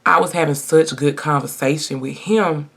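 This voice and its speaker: A woman's voice: low-pitched, normal speed, vocal fry, fairly bright tone, husky. A woman in her twenties telling a personal story in a casual get-ready-with-me video, chatty and emphatic, talking straight to her viewers. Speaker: vlogger.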